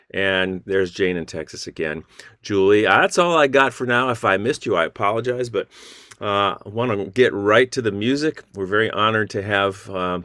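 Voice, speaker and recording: A man hosting an online song gathering over a video call, warmly greeting viewers by name and town. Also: lowish voice, dry recording, studio quality. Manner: friendly, reading out viewer names. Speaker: host. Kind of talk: online sing-along greeting.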